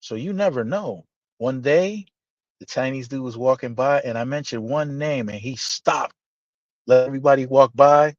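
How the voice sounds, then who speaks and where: A man telling a story in casual podcast chat, animated and profane, acting out the dialogue. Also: medium pitch, moderate pace, dry recording. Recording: dull, slightly lo-fi dry sound.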